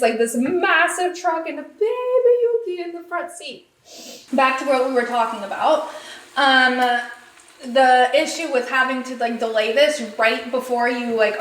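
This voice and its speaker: A woman hosting a podcast, giving an excitable, chatty recap full of "like" and "um". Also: on the high side, roomy sound, low-quality recording. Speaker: podcast host. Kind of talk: casual race recap.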